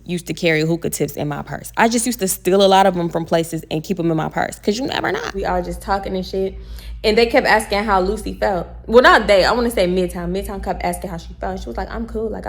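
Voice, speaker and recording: A young woman with a drawl tells a story casually, blunt and animated. She swears freely and does not hold back. Her voice sits at an ordinary middle pitch. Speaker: vlogger.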